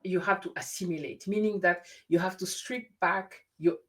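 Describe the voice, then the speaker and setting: Woman host, slightly low voice, animated storyteller who restarts often. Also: moderate pace. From grew up in France. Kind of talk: casual conversation. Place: lives in the UK.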